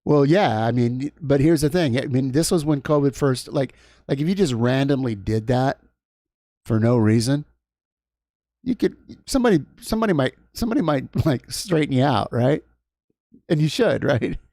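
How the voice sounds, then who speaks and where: A man's voice: mid-range voice, animated, moderate pace, warm tone, dry recording, clean studio sound. A man hosting a livestream, telling a long story in a casual, rambling way with many restarts and asides. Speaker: livestream host. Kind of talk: casual chat.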